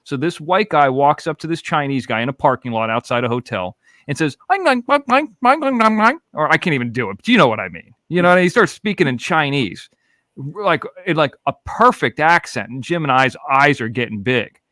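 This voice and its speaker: A man in his forties from Florida hosts a podcast and tells stories at an easy, rambling pace, swearing freely. His voice sits at an ordinary middle pitch and sounds dry and close to the mic. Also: lively intonation, brisk, bright, forceful tone, no room sound. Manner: rambling, profane, laid-back. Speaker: podcast host. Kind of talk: casual storytelling chat.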